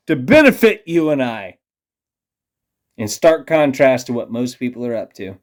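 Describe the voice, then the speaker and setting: An angry man in a profane, condescending rant aimed at his audience. His mid-range voice drops to low muttering, then bursts out loud. He swears constantly and scolds his listeners. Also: very animated, a little slow. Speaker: vlogger. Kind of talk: ranting monologue to camera.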